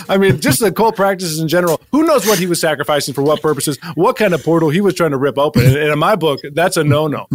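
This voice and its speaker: A man's voice: a little high, animated, fast talker, few pauses, slight background noise. A man performing improv comedy, rambling through his lines with many fillers.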